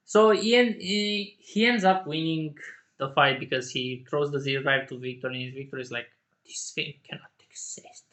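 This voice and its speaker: A man in a casual solo rant who laughs often, swears, and jumps to indignant shouting. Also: mid-range voice. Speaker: channel host.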